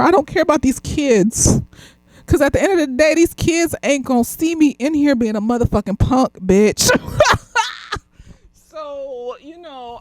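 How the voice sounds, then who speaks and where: A slightly tipsy woman, a therapist, reviewing a TV episode in blunt, profane casual talk, laughing often and swinging from loud outbursts to quiet muttering. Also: high voice, unhurried, no room sound, rough recording. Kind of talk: casual commentary vlog.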